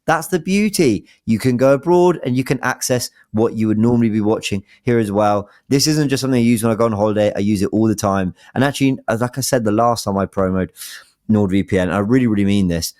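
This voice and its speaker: A man's voice: lowish voice, steady tone, fast talker, darkish tone, no room sound, clean studio sound. A man co-hosting a football podcast, chatting in an upbeat, casual way with frequent restarts. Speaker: podcast co-host.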